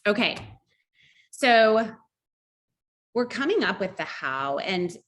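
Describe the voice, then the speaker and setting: Upbeat quick-talking woman coach. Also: mid-range voice, big pitch swings. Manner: upbeat, quick, conversational teaching with personal stories. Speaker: sales team coach. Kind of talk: online training presentation.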